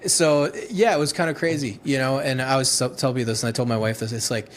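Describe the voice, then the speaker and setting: A man in his thirties, a former Marine, tells his stories in a loose, profane, laughing way. His voice sits at an ordinary middle pitch. Faint background noise runs under the recording. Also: fairly even intonation, fast talker. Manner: rambling, profane, laughing retelling with many restarts. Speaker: guest, former Marine infantryman. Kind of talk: casual storytelling interview.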